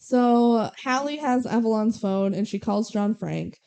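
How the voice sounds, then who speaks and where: A woman's voice: fairly high pitch, animated, a little slow, creaky, warm tone, clean tone. Young woman recapping a movie, chatty. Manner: recaps scenes quoting characters, lots of "like" and "um". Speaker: podcast co-host. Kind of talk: casual movie recap chat.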